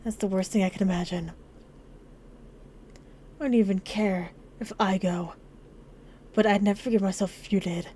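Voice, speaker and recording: A woman voicing a guilt-ridden young man who speaks quietly and remorsefully, pleading through tears. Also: mid-range voice, steady tone, moderate pace, pauses often, a little hiss or hum, close to an everyday voice. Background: game music.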